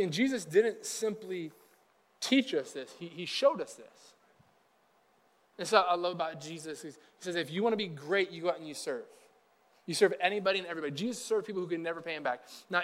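A young man, a pastor, giving a casual, conversational sermon and acting out the voices of people he quotes. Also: sits high. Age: young adult. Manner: chatty, animated, acts out quoted voices.

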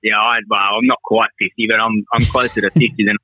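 A man's voice: lowish voice, level tone, brisk, sharp tone, no room sound, poor audio. An Australian man in his forties, a laid-back self-deprecating podcast guest. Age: 40s.

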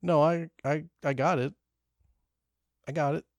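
A man's voice: a little high, measured pace, no room sound. A man co-hosting a podcast in casual chat, crudely teasing his partner. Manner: teasing, crude, deadpan ribbing. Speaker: podcast co-host.

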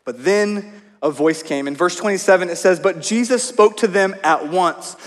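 A man's voice: sits high, animated, unhurried. A man preaching a sermon, telling stories in a conversational way with asides to the congregation. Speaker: pastor. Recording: long hall reverb.

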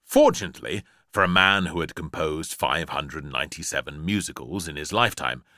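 A man reading a children's storybook aloud, lively and playful, punching out sound-effect words. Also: a bass voice, brisk, no echo.

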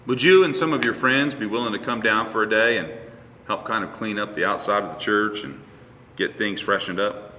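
A man's voice: on the low side, brisk, pushed and bright, in a large hall, distant mic. A male pastor preaching a conversational sermon, acting out little dialogues with his congregation. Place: church sanctuary.

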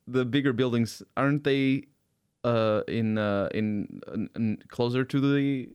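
A man's voice: mid-range voice, unhurried, a little mellow, smooth, no room sound. A man from outside the United States in casual podcast chat, rambling and searching for words, often laughing.

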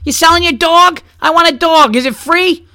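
A man's voice: very high voice, moderate pace, bright, forceful tone, voice pushed up, heavily acted. A man putting on the voice of a whiny, penny-pinching bargain hunter at a yard sale, stammering and pestering.

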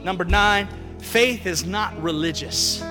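Guy preaching in a church, really high bright voice, big hall echo, bit of music under it. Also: slow. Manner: animated, acts out Bible stories in casual slang. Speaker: pastor. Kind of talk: lively sermon.

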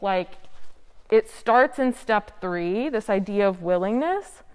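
A young woman sharing her recovery story at a meeting, candid and rambling, saying "like" often. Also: mid-range voice. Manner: candid, rambling, heavy use of "like". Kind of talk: personal testimony at a recovery meeting. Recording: smooth voice with long hall reverb.

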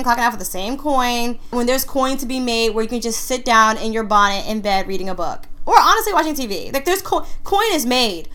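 Chatty woman hosting a podcast. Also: on the high side. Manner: animated and chatty, addresses listeners as y'all. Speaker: podcast host. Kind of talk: casual solo podcast talk.

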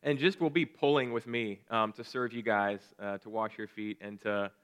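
A man in his late thirties preaching a sermon, earnest and excitable, often restarting his phrases. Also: lowish voice, moderate pace, clear, resonant tone. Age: late 30s. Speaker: pastor.

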